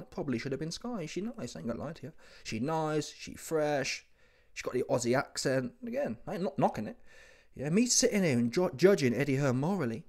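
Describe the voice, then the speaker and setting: A man's voice: mid-range voice, darkish tone. A man hosting a comedy reaction monologue, teasing and laughing, asking "yeah?" again and again. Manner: streetwise slang, asks "yeah?" constantly; playful, teasing, laughs often.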